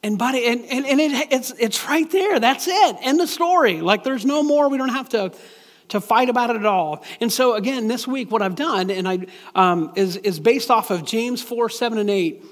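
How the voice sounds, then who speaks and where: High-voiced preacher in a reverberant hall. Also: male voice, expressive, moderate pace. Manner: conversational, restarts and repeats words, chuckles at his own jokes. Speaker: pastor. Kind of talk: sermon.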